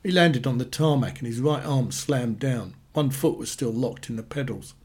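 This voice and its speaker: Husky male storyteller, deadpan. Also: mid-range voice, moderate pace. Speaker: narrator. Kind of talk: reading short stories aloud.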